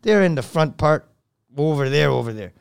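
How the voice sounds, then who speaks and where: A man, a podcast guest, telling a story in casual, blunt and profane talk that swings between loud and hushed. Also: a little high, expressive, moderate pace, creaky, smooth.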